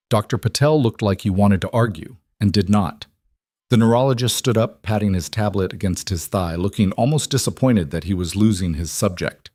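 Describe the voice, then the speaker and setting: Low, dry male story narrator. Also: moderate pace, darkish tone, no echo.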